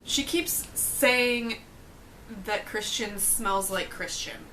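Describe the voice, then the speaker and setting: A woman's voice: mid-range voice, very slow, sharp tone, a little hiss or hum, low-quality recording. A young woman chatting casually to camera about a book, blunt, sarcastic and swearing freely. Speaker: book reviewer vlogger.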